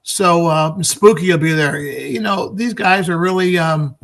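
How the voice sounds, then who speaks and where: A man's voice: fairly high pitch, measured pace, creaky, a bit bright. A man being interviewed as a pinball expo organizer, talking eagerly and promotionally in casual chat, often restarting his sentences. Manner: enthusiastic, promotional, frequent restarts.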